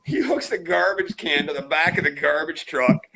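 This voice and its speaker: A man's voice: fairly high pitch, moderate pace, vocal fry, lo-fi sound, noisy background. A man hosting a trapping channel, telling crude, joking stories in a rowdy, casual way. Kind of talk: casual storytelling.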